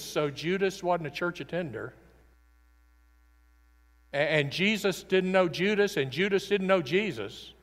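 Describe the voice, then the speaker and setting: A man preaching a sermon, earnest and emphatic, swinging between loud declarations and quiet, intimate passages. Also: fairly high pitch, expressive, measured pace, pauses often. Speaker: pastor. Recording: long reverb of a large hall.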